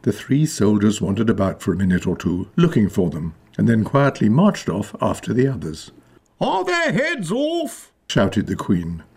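A man's voice: fairly low pitch, animated, moderate pace, hardly any pauses, a little mellow, slightly rough. A man narrating a children's story expressively. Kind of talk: scripted narration.

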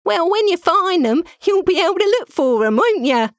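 A woman's voice: very high voice, big pitch swings, normal speed, dry recording, clean studio sound, voice pushed up. A woman voicing a giggly male hyena who loves silly jokes, in a storybook reading. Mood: teasing. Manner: giggly, teasing.

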